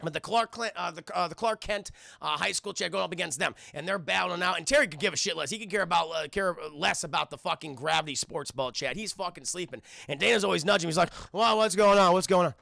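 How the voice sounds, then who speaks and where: Talking fast, a cartoon-reviewing streamer rambles profanely and loosely to his live chat about an episode. The recording is close, dry and echo-free, capturing his very gravelly, bright, slightly high voice.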